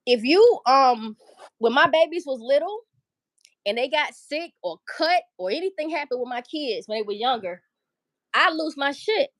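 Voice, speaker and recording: A woman's voice: sits high, lively intonation, moderate pace, a bit bright, dry recording. A middle-aged woman hosting a livestream, ranting emotionally and profanely. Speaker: livestream host. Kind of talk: casual livestream commentary.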